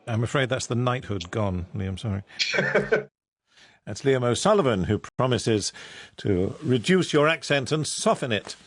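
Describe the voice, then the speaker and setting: A man interviewing a guest on radio, asking brisk, leading questions. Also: medium pitch, lively intonation, no room sound.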